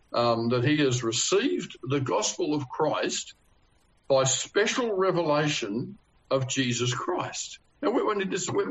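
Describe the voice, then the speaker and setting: A man preaching a sermon, halting often with fillers and restarts, then pressing hard on key phrases. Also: medium pitch, highs cut off.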